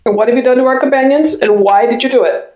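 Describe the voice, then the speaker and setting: A woman's voice: on the high side, fast talker, darkish tone. A woman playing a tabletop game, casually thinking aloud with ums. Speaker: player. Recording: echoey, dull lo-fi sound.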